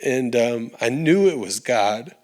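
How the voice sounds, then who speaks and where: A man's voice: mid-range voice, expressive, slow, a little mellow. A man, a podcast guest, sharing his faith story in an earnest, heartfelt way, with restarts and fillers. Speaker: podcast guest, recording artist. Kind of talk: earnest conversational faith testimony.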